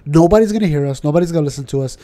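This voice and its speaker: A man with a New York accent, co-hosting a podcast in casual chat and ranting with animated questions. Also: fairly high pitch, very fast. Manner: animated, ranting, keeps asking "you know what I'm saying". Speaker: podcast co-host.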